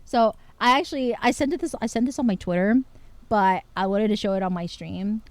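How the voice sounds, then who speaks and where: A woman streaming casual chat to her viewers, excitable and full of filler words. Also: medium pitch, fairly quick, dry recording.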